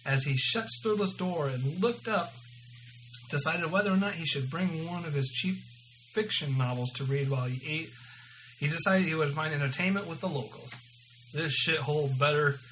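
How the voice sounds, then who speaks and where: A man reads a story aloud in a casual, unpolished way, tripping over words and fixing them as he goes. He sounds amused, his voice sits a little high for a man, and a faint hum runs underneath. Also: fairly bright tone, poor audio. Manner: stumbling and self-correcting, amused.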